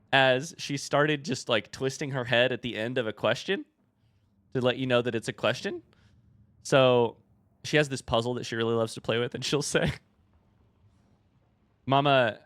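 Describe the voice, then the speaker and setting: A man's voice: mid-range voice, a bit bright, a little hiss or hum. A man streaming a video game, chatting casually with his viewers and swearing when he loses. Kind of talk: casual gameplay commentary.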